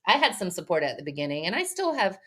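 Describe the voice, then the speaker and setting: A woman from Texas with a fairly low-pitched voice talks as a podcast guest in a relaxed interview. She is blunt and candid, and she slips into quoted remarks from other people as she tells her story. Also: fast, breathy edge. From Texas, USA. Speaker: podcast guest, business owner. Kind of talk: casual interview conversation.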